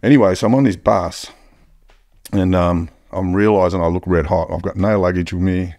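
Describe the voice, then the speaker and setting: A man's voice: low voice, fairly even intonation, normal speed, darkish tone, no room sound, clean studio sound. An Australian man telling stories as a podcast guest in a blunt, heavily profane way. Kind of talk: casual storytelling.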